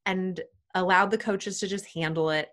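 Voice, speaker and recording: A woman in her thirties giving animated interview answers and acting out what parents say to their kids. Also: moderate pace. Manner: animated, acts out parents' voices in higher tones. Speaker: guest, sports psychology expert.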